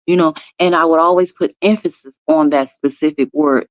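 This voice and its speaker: A woman's voice: deep voice, no echo. Chatty woman with a slightly muffled voice. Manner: chatty, emphatic, drawn-out stresses, calls listeners "y'all" and "baby". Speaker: host. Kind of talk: casual morning chat to viewers. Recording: dry, slightly dull sound.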